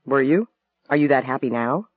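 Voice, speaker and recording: A man voicing a quiet, sad, guarded man with a subdued, pensive delivery. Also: medium pitch, normal speed, no echo, natural voice. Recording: dry, tinny phone-like sound.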